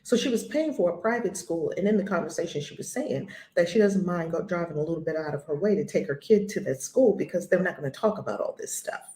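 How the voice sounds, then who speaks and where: Older female spiritual teacher, forthright and emphatic, slightly low voice, roomy recording. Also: expressive, fast, mellow. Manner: blunt, emphatic, repeats key phrases. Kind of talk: spoken spiritual lesson.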